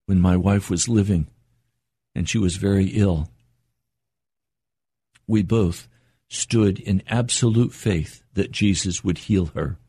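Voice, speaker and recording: An older man preaching a sermon in an earnest, measured way, slowing down for emphasis. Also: deep voice, mellow, slightly rough, no room sound, studio quality.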